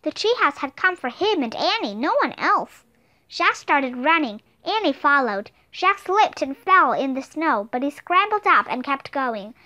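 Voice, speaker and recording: A woman narrating a children's storybook aloud in an expressive, clear manner. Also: high voice, a little slow. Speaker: audiobook reader.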